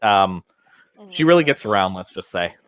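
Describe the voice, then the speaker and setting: A young man playing his character in a tabletop game, lively, laughing and cursing often. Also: deep voice, normal speed. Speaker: player. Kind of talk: tabletop role-play.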